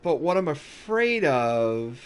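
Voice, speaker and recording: A man's voice: on the high side, sing-song, slow, clear, resonant tone. A man giving casual let's-play commentary, rambling and thinking aloud with restarts as he plays. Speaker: gaming YouTuber.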